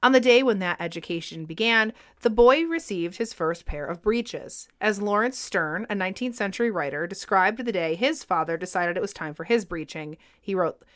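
Brief: a woman podcast co-host, mid pitch, reading scripted history narration clearly. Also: expressive, normal speed, hardly any pauses, fairly bright tone.

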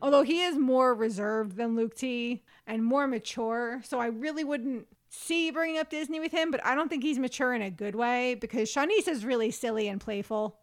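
Woman, podcast co-host, fairly high voice, casual wry chat, laughs a lot. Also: normal speed, few pauses. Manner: chatty, wry, laughs often. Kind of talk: casual reality TV recap chat.

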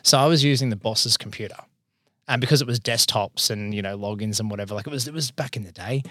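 A man's voice: on the low side, quick pace, sharp tone, no echo, clean studio sound. A man in his thirties with an Australian accent, an accounting firm partner telling stories candidly and casually as a podcast guest, with some swearing. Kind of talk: casual storytelling in conversation.

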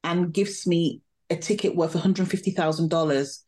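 A woman, a podcast guest, telling a personal story in a lively, animated way. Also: lowish voice, moderate pace. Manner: animated, vivid storytelling with laughs. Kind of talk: storytelling interview.

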